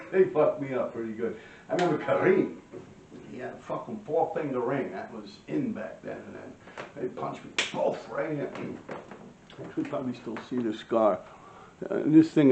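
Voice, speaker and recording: A gravelly-voiced man tells his stories in a loose, profane street style, clearing his throat between lines. He sits away from the mic in an echoey room. The audio is dull, with faint noise underneath. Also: medium pitch, warm tone. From New York. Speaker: vlogger telling life stories. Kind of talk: casual storytelling to camera. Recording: roomy, distant, dull-sounding.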